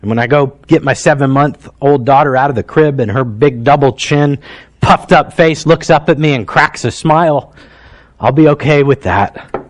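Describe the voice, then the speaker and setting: A man in his thirties, a pastor preaching a sermon in an emotional, heartfelt storytelling manner that drops quiet and then rises to emphasis. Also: medium pitch, normal speed.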